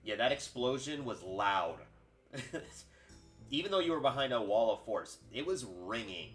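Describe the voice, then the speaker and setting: A man's voice: medium pitch, sing-song, a little slow, fairly bright tone, faint music behind. A man acting as game master, talking in a casual, rambling way with fillers and frequent laughs. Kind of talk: running a tabletop game.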